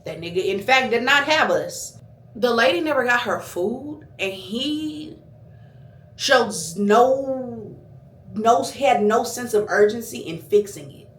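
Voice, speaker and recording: A woman's voice: mid-range voice, slow. Foul-mouthed woman ranting in an echoey room. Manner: profane and animated. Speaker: vlogger. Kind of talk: casual storytime rant.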